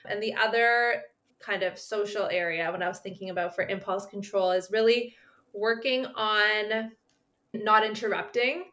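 A woman's voice: mid-range voice, moderate pace, bright, forceful tone. A woman speech therapist explaining her approach at length in a podcast conversation, with frequent fillers.

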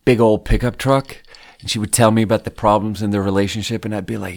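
A man's voice: on the low side, steady tone, quick pace, gravelly. A man hosting a podcast who tells a rambling, profane story in a casual way. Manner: rambling and profane, with frequent fillers. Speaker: podcast host.

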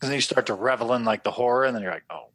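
A man co-hosting a podcast, chatting casually and telling animated stories, swearing and acting out his own reactions. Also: medium pitch, rapid-fire, no room sound. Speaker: podcast co-host. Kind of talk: casual chat.

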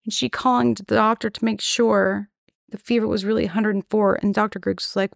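A woman's voice: mid-range voice, steady tone, a little fast, creaky, dry recording, clean studio sound. A young woman guest telling a story in casual chat, blunt and indignant, swearing freely and acting out what others said. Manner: acts out quoted voices while retelling. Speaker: podcast guest.

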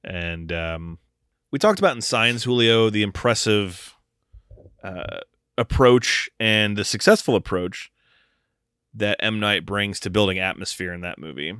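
A man with a lowish voice, recorded dry and close. He talks in a loose, animated way, swearing and acting out lines in goofy voices as he goes through a film. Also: clean tone, no echo. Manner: animated, profane, quick to act out lines in funny voices. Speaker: podcast co-host. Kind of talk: casual movie-discussion chat.

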